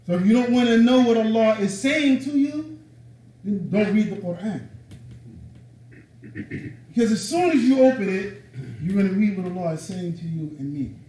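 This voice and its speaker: Male lecturer, high-pitched, emphatic and conversational, slangy delivery; echoey room, mic at a distance. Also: moderate pace, long pauses, mellow, a little hiss or hum. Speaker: religious teacher.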